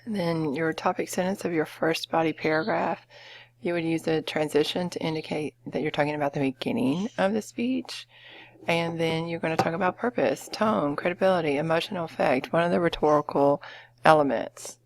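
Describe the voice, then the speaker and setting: Low gravelly woman teacher. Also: fairly quick, no room sound. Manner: explanatory, with frequent fillers and okays. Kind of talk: classroom lesson walkthrough.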